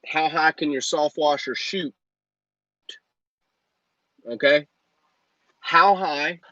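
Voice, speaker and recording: A man's voice: a little high, steady tone, slow pace, pushed and bright, no room sound, lo-fi sound. A man in his thirties hosting a live Q&A as a business coach, talking in a brash, joking, motivational way into a phone. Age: 30s. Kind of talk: live Q&A stream.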